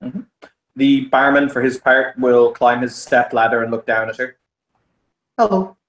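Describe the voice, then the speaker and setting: A man runs a tabletop game as game master in a mid-pitched voice, laying out the scene in a relaxed way and stopping to correct himself. The room around him echoes noticeably. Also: moderate pace. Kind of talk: tabletop narration. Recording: roomy echo.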